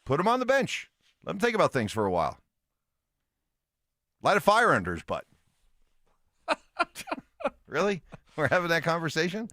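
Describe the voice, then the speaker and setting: A man co-hosting a casual sports talk radio show, animated and quick with jokes. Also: fairly high pitch, no echo, studio quality. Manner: animated, quick jokey back-and-forth. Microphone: studio broadcast mic.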